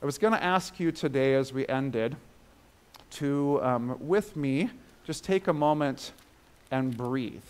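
A man's voice: takes it slowly, clean tone. A man preaching a sermon with emphatic swells and drops in his voice, then leading the listeners through a guided breathing exercise. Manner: emphatic, rising and falling in pitch and loudness.

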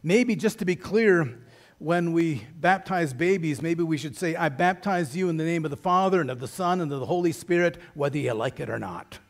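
A man's voice: a little high, normal speed. A middle-aged man preaching a sermon as a pastor, in a conversational storytelling manner with wry humor.

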